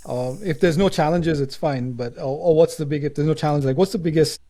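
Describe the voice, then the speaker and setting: A man hosts a casual podcast interview, circling through his questions with false starts. His voice is mellow and warm, sitting slightly high. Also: a little fast. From India. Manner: rambling, restarting questions. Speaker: podcast host.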